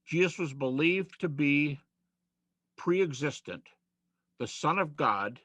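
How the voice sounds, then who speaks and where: A man's voice: on the high side, expressive, takes it slowly, fairly bright tone, dry recording. A man giving an informal lecture in a conversational way, reciting rhymes and verses with cadence and adding humorous asides. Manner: brings in humor and asides to the audience.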